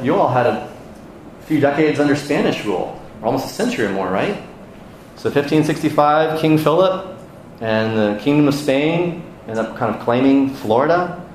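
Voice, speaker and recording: An American man preaches to his congregation in a church, teaching conversationally and putting questions to the room. His voice sits at an ordinary pitch and rings out with heavy echo. A faint background noise runs underneath. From United States. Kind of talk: sermon.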